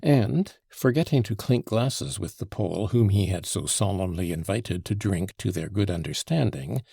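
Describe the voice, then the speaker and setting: A man narrating a classic novel as an audiobook in an expressive, dramatic reading. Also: low voice, normal speed, vocal fry, breathy edge.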